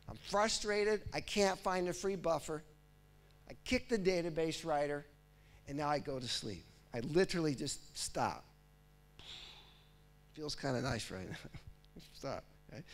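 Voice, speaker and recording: A man giving a conference talk. He acts out a computer process in first person and keeps checking in with the audience with "right?" and "okay?". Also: fairly high pitch. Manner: lively, speaks as if he were the process, often checks in with "right?" and "okay?". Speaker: technical presenter. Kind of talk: conference lecture.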